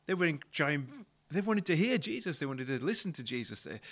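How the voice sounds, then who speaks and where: A man's voice: a little high, very animated, a little fast, a bit bright. A male pastor preaching a sermon, retelling a story in a conversational way and often repeating words as he restarts a thought.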